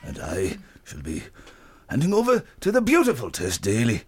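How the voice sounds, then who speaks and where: A man doing an impression of an older male radio presenter, slow, hushed and smooth. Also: medium pitch, huge pitch swings, voice pushed down, exaggerated voice.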